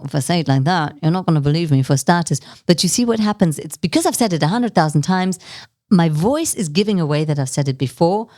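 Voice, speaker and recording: A woman leadership communication coach teaching to camera in an animated, playful way. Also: deep voice, no echo, studio quality. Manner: animated and expressive, playful asides with laughs. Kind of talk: direct-to-camera teaching talk.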